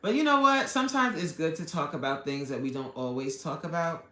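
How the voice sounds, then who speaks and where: A bright, forward-sounding woman with an East Coast accent talks like a coach hosting a live stream. She reads viewers' comments aloud, laughs easily and throws in an emphatic "amen." The room gives her voice a noticeable echo. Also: deep voice, a little fast. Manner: expressive, laughs often, preacher-like "amen". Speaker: life coach. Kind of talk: casual live-stream chat reading comments.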